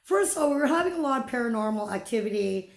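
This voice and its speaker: A woman's voice: on the high side, lively intonation, fast talker. A woman vlogger telling a personal ghost story in a casual, dramatic way, dropping to whispers and swearing freely. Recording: echoey room.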